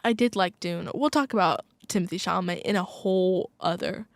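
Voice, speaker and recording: A young woman hosting a college radio podcast, chatting casually and gushing about movies with lots of fillers and quick asides. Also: on the low side, gravelly, dry recording, studio quality. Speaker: podcast host. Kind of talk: casual chat.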